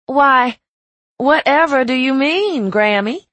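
A woman voicing a playful young woman who hams up a put-on Southern belle accent, high and theatrical. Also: lively intonation, takes it slowly, a bit bright, no room sound, exaggerated voice. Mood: mock belle.

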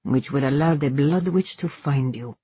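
A woman reading an audiobook voices a stern, stoic male guardian, speaking in a grave, measured and unbending way. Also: low voice, mellow, breathy edge, no room sound, heavily acted.

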